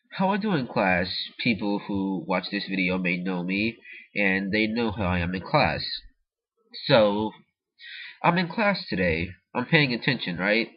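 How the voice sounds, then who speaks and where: A teenage boy tells a meandering story straight to camera from a room at home. His voice sits low but swings widely, leaping into squeaky highs whenever he acts out the people in it. The recording is dull and lo-fi. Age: teens. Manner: animated, jumps to squeaky high pitch when acting out the story. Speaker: vlogger.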